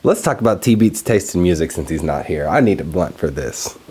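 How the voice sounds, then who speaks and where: Young male podcast host, casual profane rant, very lively intonation. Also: low voice, fairly quick, slight background noise. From Texas. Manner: profane, animated, laughs often.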